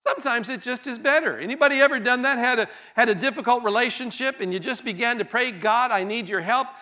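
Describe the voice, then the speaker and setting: A man's voice: extremely high pitch, fast, pushed and bright. A male pastor preaching a sermon in a church, earnest and conversational, often restarting his words and stopping for light laughs. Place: church sanctuary.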